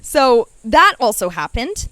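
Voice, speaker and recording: A woman's voice: on the high side, very animated, slow pace, bright, forceful tone, no room sound. A young woman, hosting her own podcast and telling personal stories in a chatty, playful way that speaks straight to her listeners. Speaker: podcast host. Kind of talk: casual personal storytelling.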